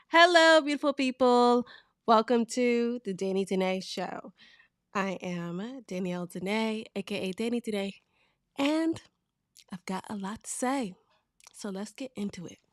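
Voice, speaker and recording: A woman from Virginia hosting her own talk show, telling news stories in a frank, animated way and laughing as she goes. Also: a little high, takes it slowly, pauses often, no room sound, clean studio sound. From Virginia, USA. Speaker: show host. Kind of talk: casual talk-show commentary.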